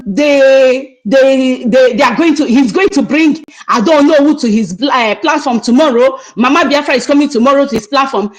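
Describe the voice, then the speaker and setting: A woman with a Nigerian accent, middle-aged, rants angrily on a livestream. Her voice sits high and she scolds in repeated bursts. She talks to her audience directly. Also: poor audio. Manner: angry, scolding, repetitive. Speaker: online activist speaker. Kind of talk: heated livestream rant.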